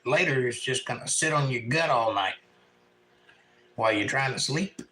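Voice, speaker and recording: A man's voice: mid-range voice, expressive, normal speed, bright, forceful tone, poor audio. Folksy Southern man chatting on a livestream. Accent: Southern US, North Carolina. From Eastern North Carolina. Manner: folksy, reads chat messages aloud, drawling. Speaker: livestream host reading chat. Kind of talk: casual livestream chat. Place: home.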